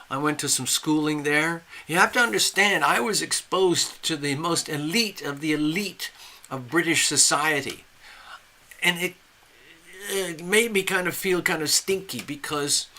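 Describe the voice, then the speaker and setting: Man, livestream host; rambling and opinionated, somewhat high, very bright and forceful voice, answers chat as he goes. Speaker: livestream tarot reader. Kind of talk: casual live-stream monologue.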